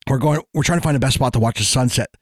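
A man's voice: mid-range voice, very fast, dry recording, studio quality. A man co-hosting a podcast who tells a rambling travel story in casual chat, with frequent stop-start restarts. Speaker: podcast co-host.

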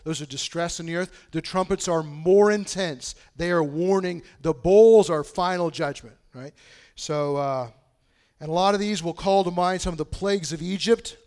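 A man preaching a sermon in a conversational way, dropping to a hush and then rising to loud, emphatic bursts. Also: sits high, normal speed. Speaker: pastor.

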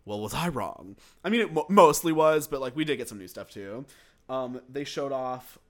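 A man's voice: medium pitch, moderate pace. A young man co-hosting a casual podcast chat, talkative and sarcastic in an offhand way. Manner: chatty and lively, with dry sarcastic asides. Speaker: podcast co-host.

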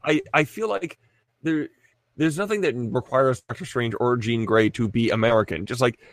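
A man's voice: medium pitch, normal speed, no echo, clean studio sound. A man co-hosting a casual movie podcast, explaining at length in an earnest way. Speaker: podcast co-host.

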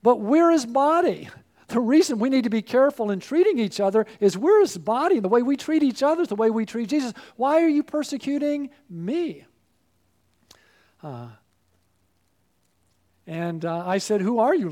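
Male pastor, higher register, earnest sermon delivery that builds to fervent calls. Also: very animated, fairly quick, a little mellow. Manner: earnest, rising to fervent appeals.

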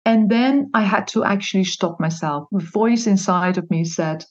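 A woman's voice: medium pitch, moderate pace. Chatty woman on lo-fi call. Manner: chatty and animated, laughs often, restarts words. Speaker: podcast guest. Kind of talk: interview conversation.

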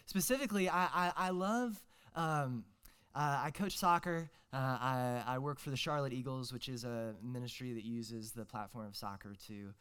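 A man's voice: mid-range voice, normal speed, hardly any pauses, a bit bright, smooth. A young man, preaching a casual, joking sermon as a guest preacher, full of fillers and restarts.

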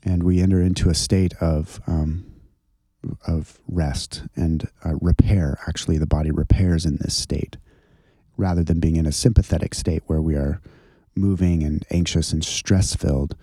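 A man leading a slow, gentle guided contemplative prayer and breathing exercise. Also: low voice, fairly even intonation, breathy edge, dry recording, clean studio sound. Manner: slow, gentle, soothing guidance.

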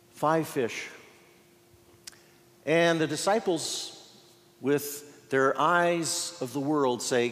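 A pastor preaching a sermon in a folksy style, with playful asides and dramatic pauses. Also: male voice, on the high side. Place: church sanctuary. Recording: long church reverb.

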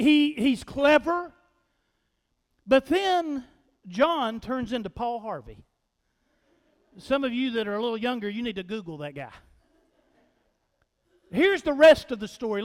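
A male pastor with a very high voice preaches slowly and with emphasis, speaking straight to his congregation. The long reverb of a large church hall trails after his words. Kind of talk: sermon.

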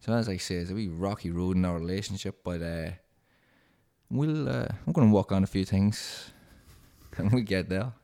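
A man's voice: deep voice, moderate pace, vocal fry, dark tone. A man co-hosting a casual podcast chat, bantering, swearing freely and laughing often. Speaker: podcast co-host.

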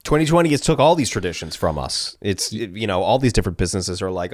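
A man's voice: on the low side, lively intonation, a little fast, hardly any pauses, no echo, clean studio sound. A man co-hosting a podcast, chatting casually in laid-back, agreeable banter. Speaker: podcast co-host. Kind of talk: casual chat.

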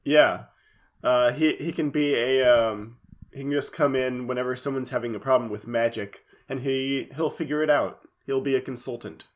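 A man's voice: medium pitch, moderate pace. A man co-hosting a casual podcast, recapping an anime episode with dry joking asides. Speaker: podcast co-host.

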